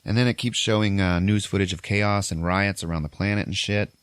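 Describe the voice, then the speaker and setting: Deep guy recapping a movie on a podcast, swears a lot, dry close sound. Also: steady tone, clear, resonant tone, no echo. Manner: retells film scenes with quick impressions of characters, swearing freely. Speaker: podcast host.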